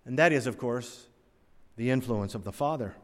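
A man in his sixties, from North Carolina, preaching a sermon with stories, swinging between emphatic rises and quiet drops. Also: mid-range voice, normal speed. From North Carolina, USA. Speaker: pastor. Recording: long hall reverb.

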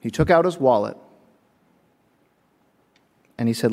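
A man preaching a sermon, telling lively stories with acted-out voices and frequent chuckles, in a church. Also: medium pitch, unhurried, gravelly, pauses often. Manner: animated storytelling, acts out voices, chuckles often. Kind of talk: sermon with humorous anecdotes. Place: church sanctuary. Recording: long reverb of a church sanctuary.

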